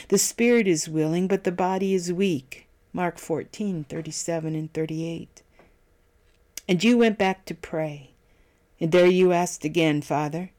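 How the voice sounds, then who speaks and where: A solemn devotional reader who moves at a measured, unhurried pace through a scripted meditation. The voice sits at an ordinary middle pitch, and the speaker reads each scripture reference out plainly. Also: a little mellow.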